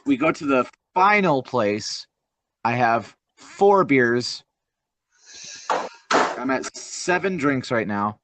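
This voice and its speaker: A young man co-hosting a casual podcast, telling a rambling story with lively swings and the odd curse. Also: medium pitch, slow, pauses often. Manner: animated storyteller, swears. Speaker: podcast co-host.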